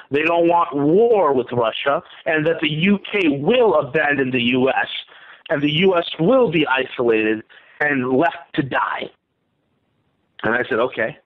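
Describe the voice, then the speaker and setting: A man speaking in a fairly high voice as a radio guest, with an animated, repetitive manner that slips into quoted voices. He comes through a thin, phone-like line. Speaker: guest economist. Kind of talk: talk radio interview.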